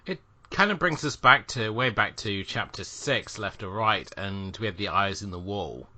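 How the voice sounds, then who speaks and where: A man co-hosting a film podcast, chatting casually and thinking aloud with quick asides. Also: fairly low pitch, expressive, bright, forceful tone. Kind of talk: casual chat.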